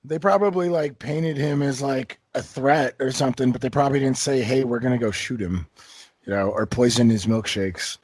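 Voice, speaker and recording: A man co-hosts a casual podcast, mostly answering with short agreements and the occasional joking aside. His voice is husky, and the recording sounds dry and close. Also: medium pitch, moderate pace, a little mellow, no room sound. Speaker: podcast co-host.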